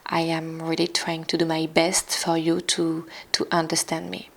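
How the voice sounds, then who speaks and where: Beauty vlogger, French accent, soft and careful delivery, lowish voice with vocal fry. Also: female voice, completely flat delivery, normal speed. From France. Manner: soft-spoken, careful, with small restarts and slips in English. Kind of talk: makeup tutorial narration.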